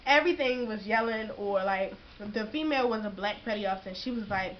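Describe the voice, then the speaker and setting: A woman's voice: a little high, fast, dull audio, slight background noise. Profane, slangy young woman vlogging. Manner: profane, slangy, animated storytelling. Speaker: vlogger giving boot camp advice. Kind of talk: casual advice vlog.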